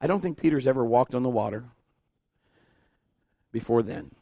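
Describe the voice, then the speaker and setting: A man preaching a sermon as pastor, informal and conversational, often rising in pitch and volume as he gets animated. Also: moderate pace, dry recording. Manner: informal and conversational, with restarts and asides.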